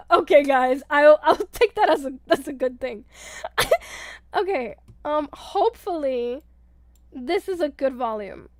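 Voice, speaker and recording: A young woman chatting casually on a live stream as a VTuber, reading her chat aloud, giggling often and getting loud when excited, with casual swearing. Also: sits high, slow, pauses often, no room sound, studio quality. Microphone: headset mic with headphones.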